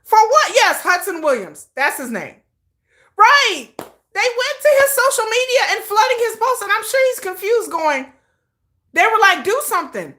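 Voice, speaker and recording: Lively high-voiced woman streamer. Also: a little slow. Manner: animated, laughing, swearing, answering chat. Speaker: livestream host. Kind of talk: casual livestream chat.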